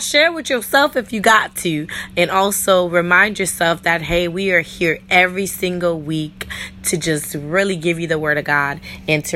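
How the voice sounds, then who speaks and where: A woman from New York hosting her own faith podcast, chatty and playful, talking straight to her listeners while her voice is a bit rough this week. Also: deep voice, pushed and bright, slight background noise. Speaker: podcast host. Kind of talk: solo faith podcast monologue.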